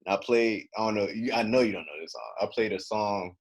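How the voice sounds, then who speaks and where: A man's voice: lowish voice, quick pace. A young man co-hosting a casual podcast, telling a story with lots of swearing and acted-out quotes. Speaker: podcast co-host.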